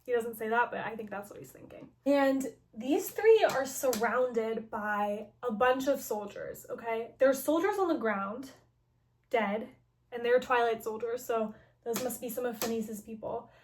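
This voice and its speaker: Chatty young woman with a higher voice, filler-heavy, casual story recap. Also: unhurried, a little hiss or hum.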